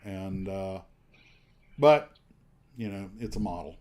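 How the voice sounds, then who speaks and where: A man's voice: sits low, lively intonation, slow, darkish tone. A man hosting a casual livestream chat, rambling along with lots of fillers and restarts. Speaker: livestream host.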